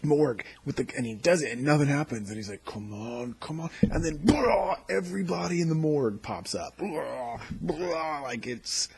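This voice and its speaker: A man hosting a casual video review of a TV episode, recounting scenes excitedly and acting out the quotes. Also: fairly high pitch, moderate pace, creaky, hardly any pauses, slightly rough. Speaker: TV episode reviewer, channel host.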